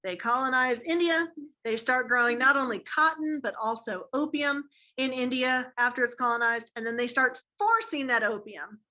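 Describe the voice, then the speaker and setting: A woman's voice: high voice, expressive, moderate pace, bright, forceful tone. A woman teaching a history class in a casual, slangy way, asking students questions as she goes. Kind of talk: classroom lecture.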